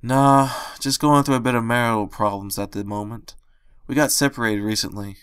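A man's voice: mid-range voice, fairly even intonation, normal speed, smooth, dry recording, clean studio sound, lightly acted. A man voicing a weary male pony drinking at a bar over his marriage troubles, sighing and downcast. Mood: glum.

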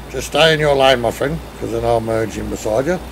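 In poor audio with slight background noise, an Australian streamer in charge of a truck convoy chats casually with friends while reading out and answering viewer comments as he drives. His voice is mid-range with vocal fry.

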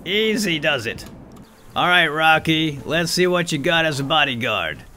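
Excitable man doing game commentary. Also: a little high, a little slow, slight background noise. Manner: jumps from quiet muttering to loud excited shouts. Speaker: gameplay video host. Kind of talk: excited let's-play commentary.

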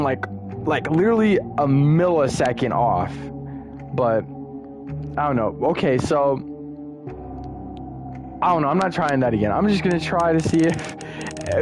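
A young man giving casual, excitable commentary while playing a horror game, muttering one moment and yelling the next. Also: on the high side. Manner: excitable, swings from muttering to yelling at jump scares. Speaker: gaming streamer.

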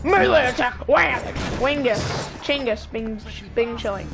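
A woman's voice: a little high, a little slow. Playful woman gaming, music behind. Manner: playful, chatty, lots of sound effects and questions. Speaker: gamer playing a video game. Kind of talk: casual let's-play chat.

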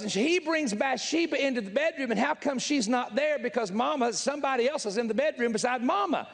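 A man's voice: extremely high pitch, animated, brisk, gravelly. A man with a Southern US accent preaching a sermon to a live audience, blunt and folksy, with emphatic asides to the crowd. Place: large church hall with live audience. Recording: echoey hall reverb.

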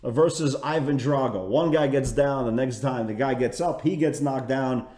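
A man's voice: mid-range voice, normal speed, a little mellow, echoey room. A man giving a market recap as a trading educator, chatty and full of restarts, often tagging lines with "right?". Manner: chatty, repeats "right?" and "again"; self-correcting restarts.

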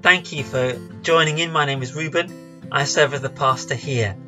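A man's voice: fairly high pitch, normal speed, music in the background. A man, a pastor giving an online sermon in a conversational, lightly joking way. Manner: conversational, self-deprecating humor.

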